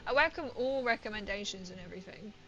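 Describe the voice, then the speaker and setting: A woman's voice: mid-range voice, expressive, fast talker, sharp tone, lo-fi sound. A woman streamer chatting casually and rambling as she plays a game, laughing often and reading out viewer comments. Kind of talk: casual livestream chat while gaming.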